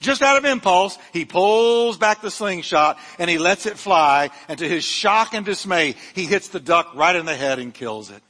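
A man's voice: high voice, lively intonation, normal speed, few pauses, bright, forceful tone, long reverb tail. A male pastor preaching a sermon, fervent and emphatic, with humorous asides to his congregation. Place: church sanctuary.

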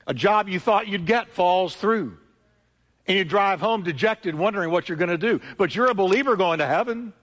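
A male pastor preaching a sermon with emphatic, repetitive delivery, swinging between loud peaks and quieter asides. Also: high-pitched, expressive, normal speed. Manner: emphatic preaching, repeating phrases with rising and falling intensity. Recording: long church hall reverb.

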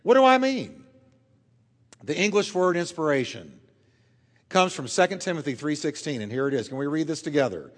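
A pastor preaching a sermon to his church, emphatic, dropping quiet and then swelling loud, drawing out key words. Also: a little high, very animated, moderate pace, long pauses, big-room sound.

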